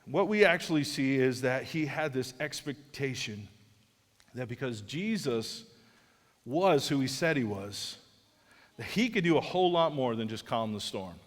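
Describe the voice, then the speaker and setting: A man's voice: medium pitch, expressive, a little slow, big-room sound. A male pastor preaching a sermon in an earnest, conversational way, often restarting his sentences. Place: large church auditorium.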